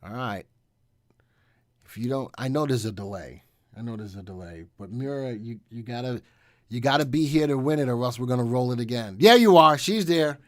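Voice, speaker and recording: A man's voice: mid-range voice, normal speed, no echo. Upbeat middle-aged man hosting a live stream. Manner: upbeat and joking, chatting with viewers. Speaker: stock analysis live stream host. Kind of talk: casual live stream talk.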